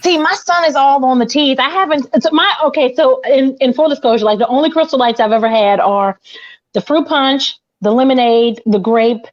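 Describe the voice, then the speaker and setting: A woman co-hosting an online talk show from her office, chatty and quick to exclaim. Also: high voice, muffled recording. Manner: chatty, laughing, exclaims often. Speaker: co-host. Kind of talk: casual podcast chat.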